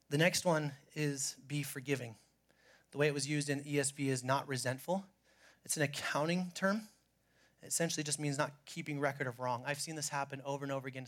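A man preaching a sermon as pastor, animated, swinging from loud acted quotes to hushed asides. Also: fairly high pitch.

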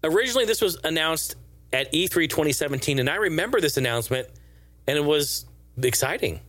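A man's voice: a little high, lively intonation, a little fast, fairly bright tone, no room sound. Sarcastic, swearing gaming vlogger man. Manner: profane, sarcastic and rambling. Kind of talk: casual gaming news commentary.

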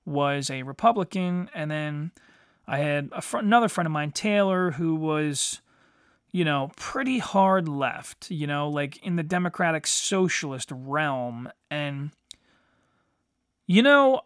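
High bright-voiced guy ranting, blunt and sweary, dry close recording. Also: expressive, unhurried, clear, resonant tone, no echo. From United States. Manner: blunt, heavy swearing, frequent "you know". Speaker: podcast host. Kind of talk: profane ranting monologue.

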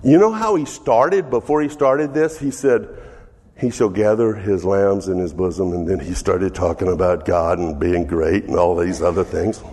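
Male pastor doing an earnest sermon, kinda breathy, big reverb-y hall. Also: low voice, darkish tone. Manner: slow, earnest, preacherly reading with restarts. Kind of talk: sermon, Bible reading and reflection.

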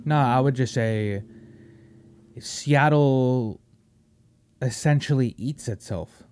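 Man, podcast host, heated profane rant, mocking, loud bursts then low mutters. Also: slow pace. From Washington State, US.

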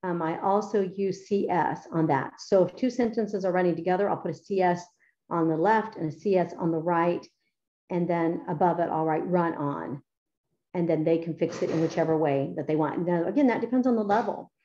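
Chatty woman teacher, mellow voice. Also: fairly low pitch, moderate pace, dull audio. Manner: chatty, enthusiastic, many fillers. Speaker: writing teacher. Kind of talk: explaining her paper-editing method.

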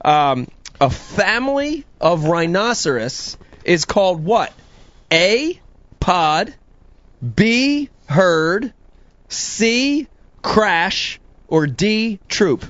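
A man's voice: high voice, big pitch swings, drawn-out words, a bit bright, no echo. A man hosting a casual live show, joking loosely and laughing easily. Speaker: podcast host. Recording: lo-fi dull sound.

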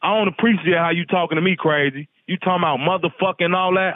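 A man's voice: sits high, quick pace, no room sound. A man on the receiving end of a prank call, defensive and insistent, swearing as he argues back. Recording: tinny phone line.

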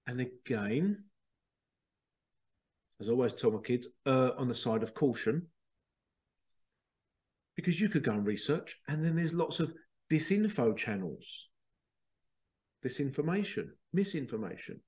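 A man's voice: medium pitch, sing-song, unhurried, pauses often, darkish tone. A middle-aged man hosting a podcast, talking in a chatty, rambling monologue and acting out quotes. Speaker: podcast host. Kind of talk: casual monologue.

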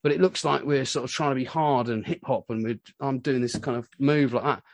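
A man in his forties, a musician being interviewed, telling stories in a rambling, animated way with lots of filler words. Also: medium pitch, brisk, no room sound. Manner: rambling, animated storytelling full of "you know". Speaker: musician guest. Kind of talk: casual interview chat.

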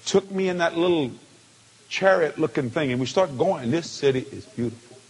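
A man preaching a testimony sermon, telling it with feeling and swinging from hushed tones to shouts. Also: a little high, expressive, fairly quick, slightly rough. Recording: long hall reverb.

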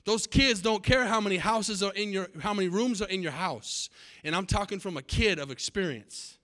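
A man's voice: fairly high pitch, fairly bright tone. An older man preaching a sermon, exhorting and addressing his congregation directly.

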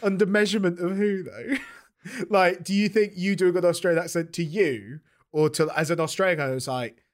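A man co-hosting a casual podcast, playful and quick to laugh, reading passages aloud in a mock-serious tone. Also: high voice, fairly even intonation. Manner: playful, reads quotes with mock gravity and laughs often. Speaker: podcast co-host.

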